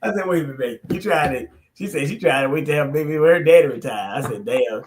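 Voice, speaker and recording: A middle-aged man spins a profane, animated story in loose conversation. His voice sits a little high for a man. The sound rings around an echoey room. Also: fast, a little hiss or hum. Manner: animated, profane, laughs through his stories. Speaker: podcast co-host. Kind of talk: casual storytelling chat.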